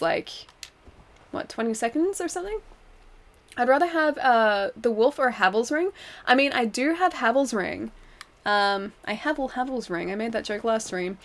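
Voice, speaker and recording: A woman's voice: mid-range voice, a little hiss or hum. A young woman streaming a video game, chatting casually with her viewers, reading their messages aloud and laughing often. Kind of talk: casual live-stream commentary while playing.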